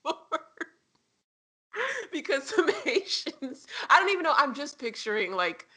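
A woman co-hosting a casual book discussion podcast, animated and profane, laughing often. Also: sits high, unhurried, a crowd in the background. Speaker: podcast co-host.

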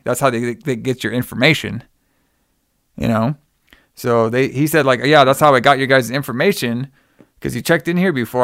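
Young guy rambling through a movie plot, smooth clear voice, dry close sound. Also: mid-range voice, fairly bright tone, dry recording. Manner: rambling, heavy on "like" and "you know". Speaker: podcast co-host recapping a film. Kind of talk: casual chat.

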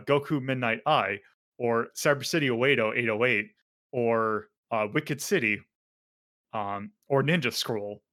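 A man's voice: mid-range voice, fairly bright tone. A man hosting a casual podcast, rambling with lots of fillers and self-corrections. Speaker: podcast host.

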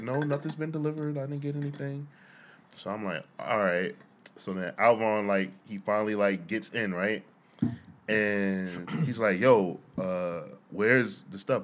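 Man, young adult, lowish voice, casual storytelling, animated, laughs a lot. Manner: animated storyteller, laughs through punchlines, many fillers. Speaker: podcast co-host.

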